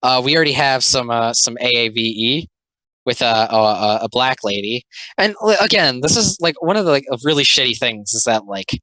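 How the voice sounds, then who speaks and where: Bright, rambling young commentator voice. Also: mid-range voice, animated, dry recording, poor audio. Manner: rambling, loaded with "like" fillers, sarcastic asides; voices comic characters in quick mocking quotes. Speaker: video commentator. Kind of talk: casual comic commentary.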